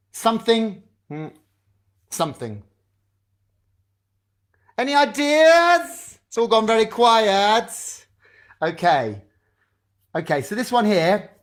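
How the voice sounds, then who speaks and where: A man leading a drama club over a video call, chatty and encouraging as he fumbles with the setup. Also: high voice.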